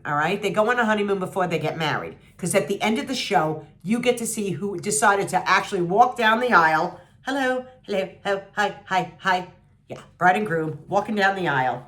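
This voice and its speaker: A woman in her sixties vents to her followers with a very lively, swooping voice. She talks bluntly and sarcastically, mocking people with little put-on voices and shooting up in outraged disbelief. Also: mid-range voice. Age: 60s. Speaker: vlogger reviewing a TV show. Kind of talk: animated, sarcastic rant to camera.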